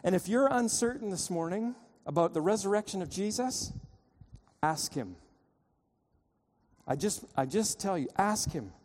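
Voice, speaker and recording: A man preaching a sermon, telling a story and pleading with his listeners, his voice swinging between loud and hushed. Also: high voice, animated, unhurried. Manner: storytelling, urgent pleading, dramatic shifts in loudness. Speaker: pastor. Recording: long reverb of a church hall.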